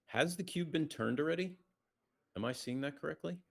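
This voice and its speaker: A man with a creaky voice, talking a little fast, offers casual play-by-play of a live backgammon match. He chats, reads viewer comments aloud, and speaks quietly so the players don't overhear.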